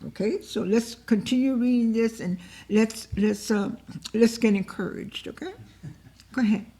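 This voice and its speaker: A woman's voice: on the high side, steady tone, normal speed, mellow. A woman leading an informal Bible lesson, emotive and repetitive, often acting out heartfelt cries to God as she encourages her listeners. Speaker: Bible study teacher.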